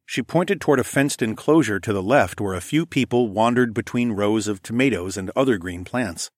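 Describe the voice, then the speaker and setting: Low-voiced male storyteller, dry sound. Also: moderate pace, dry recording. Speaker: audiobook narrator. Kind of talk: first-person story narration.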